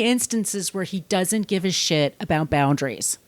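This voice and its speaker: A woman's voice: on the low side, animated, moderate pace, dry recording. A woman co-hosting a casual podcast, talking bluntly and sarcastically with plenty of swearing. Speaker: podcast co-host.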